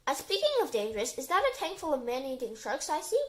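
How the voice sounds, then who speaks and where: A woman voicing a pompous, easily offended male professor in a storybook reading, with loud, drawn-out pronouncements. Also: high-pitched, big pitch swings. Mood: indignant.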